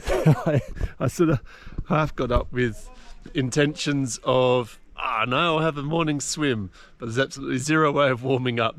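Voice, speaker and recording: A man in a casual travel vlog, talking outdoors by a mountain lake in a chatty, self-mocking way. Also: mid-range voice. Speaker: travel vlogger.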